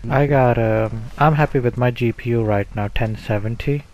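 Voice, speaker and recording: A man from the UK, hosting a casual online chat while gaming, talking in a relaxed, rambling way with many fillers. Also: mid-range voice, normal speed. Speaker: streamer host.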